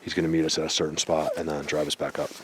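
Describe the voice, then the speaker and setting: A man's voice: extremely low pitch, flat delivery, rapid-fire, background noise. A man vlogging on foot in a snowy forest, talking insistently and a bit grumpily, out of breath at times. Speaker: Bigfoot researcher vlogger. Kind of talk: casual outdoor vlog talk.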